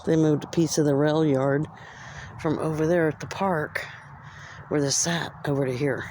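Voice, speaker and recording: A woman from Central California vlogging on a handheld phone outdoors at a train station after dark, musing aloud as she describes what she sees. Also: low voice, fairly even intonation, normal speed, slight background noise. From Central California, United States. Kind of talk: casual walking vlog, narrating what she sees.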